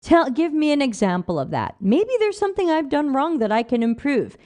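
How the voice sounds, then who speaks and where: A woman's voice: sits high, sing-song, a little fast, dark tone. A woman hosting a livestream, reading viewer comments aloud and answering them with emphatic rhetorical questions. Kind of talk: casual livestream talk.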